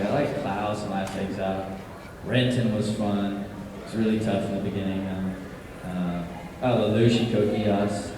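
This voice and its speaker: A man who works as a voice actor, answering fan questions at a convention panel with animated, self-deprecating stories and frequent laughter. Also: on the low side. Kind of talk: casual Q&A storytelling. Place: large convention hall with an audience. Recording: echoey hall, far from mic, crowd noise.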